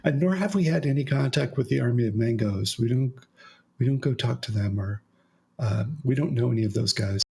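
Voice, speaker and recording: Gravelly-voiced man hosting a podcast. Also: mid-range voice, a little fast. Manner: relaxed storytelling with frequent fillers. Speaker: podcast host. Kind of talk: casual podcast chat.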